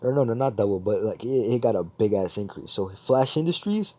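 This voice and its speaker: Guy making up a fan story as he goes, swears a lot, keeps correcting himself, kinda husky. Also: fairly low pitch, expressive, brisk, mellow. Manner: rambling, profane, correcting himself. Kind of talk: improvised fan fiction storytelling.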